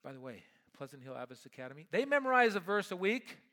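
A middle-aged man preaches to his congregation in a bright, somewhat high voice. He tells a personal story with lively energy. His delivery swings between loud and hushed. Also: fast talker. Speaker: pastor.

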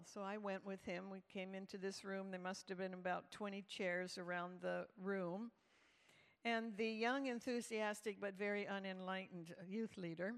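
A woman telling a humorous story to a live audience at a church event, animated and lively. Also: mid-range voice, unhurried, smooth. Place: large hall with live audience. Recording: reverberant hall.

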